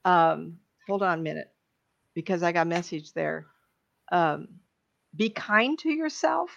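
A woman's voice: on the low side, animated, creaky, fairly bright tone, a little hiss or hum. Middle-aged lady doing psychic readings on a stream, emotional, lots of ums, kinda muffled audio. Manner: emotional, chatty, halting with many fillers. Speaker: psychic medium host. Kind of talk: live-stream reading and chat.

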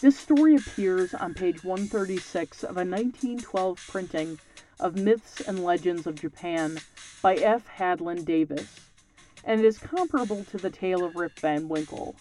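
A podcast host telling old folktales in calm, measured, scripted narration, pausing to reflect between passages. The pitch sits in a middle register. Faint music runs quietly beneath the voice.

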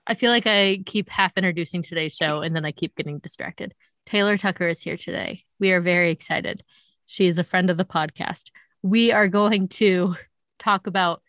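A woman's voice: on the low side, fairly bright tone, no echo, studio quality. A woman in her thirties hosting a podcast, chatting casually and reading an ad in an upbeat, bubbly way. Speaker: podcast host. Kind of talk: casual podcast chat with host-read ad.

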